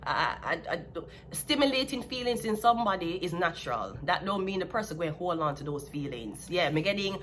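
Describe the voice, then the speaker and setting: A woman's voice: lowish voice, very animated, a little fast, few pauses, fairly bright tone, slight background noise. A woman with a Jamaican accent giving a blunt, sassy, casual tarot reading. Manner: blunt, sassy, laughs at her own jabs. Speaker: tarot reader.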